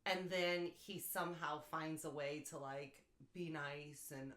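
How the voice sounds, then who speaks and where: A woman's voice: deep voice, little pitch movement, measured pace, fairly bright tone. Chatty woman in an echoey room. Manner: chatty, laughs often. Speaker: podcast co-host. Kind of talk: casual chat.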